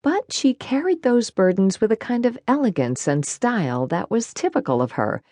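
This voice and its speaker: A woman narrating a first-person cozy mystery audiobook in an expressive, warm storytelling manner. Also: a little high, normal speed, no room sound, clean studio sound.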